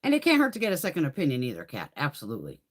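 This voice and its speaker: Blunt, lively woman telling stories with lots of swearing. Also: low voice, racing. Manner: profane, blunt and animated, often laughing. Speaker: beauty vlogger hosting a live haul stream. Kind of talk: casual livestream chat and storytelling.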